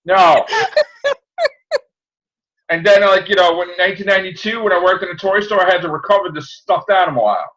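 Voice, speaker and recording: A man hosting a casual podcast chat, ranting with shouted mock outrage. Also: high voice, big pitch swings, brisk, creaky, long pauses, rough recording. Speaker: podcast host.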